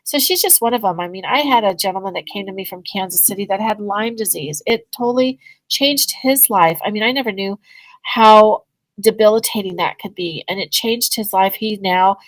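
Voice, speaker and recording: Woman telling a story on a podcast, animated, plays both sides of the convo, dry close sound. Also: mid-range voice, normal speed, no echo, low-quality recording. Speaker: guest, energy healing business owner. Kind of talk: casual storytelling in a podcast interview.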